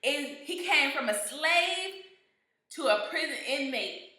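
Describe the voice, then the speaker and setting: A woman's voice: high-pitched, expressive, slow pace, sharp tone, echoey room. A woman giving an earnest devotional teaching, stressing points through emphatic repetition. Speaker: Bible teacher.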